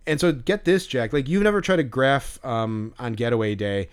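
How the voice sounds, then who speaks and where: Speaking at normal speed in a clear, resonant, medium-pitched voice, a man co-hosting a podcast tells a story. It comes out rambling and casual, peppered with fillers and restarts.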